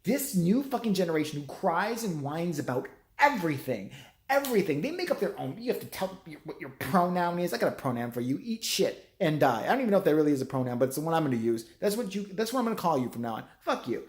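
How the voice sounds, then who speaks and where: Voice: mid-range voice, sing-song, quick pace. A middle-aged vlogger in a profane, sarcastic, rambling rant. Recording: roomy echo.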